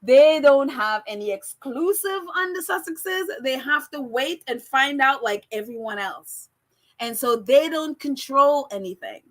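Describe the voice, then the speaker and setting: A woman with a high, bright voice chats casually on a livestream. She answers viewer comments as they come in. She laughs often, and her voice swoops between registers. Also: lively intonation, unhurried. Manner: laughs often, voice jumps around in pitch. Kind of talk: casual live chat.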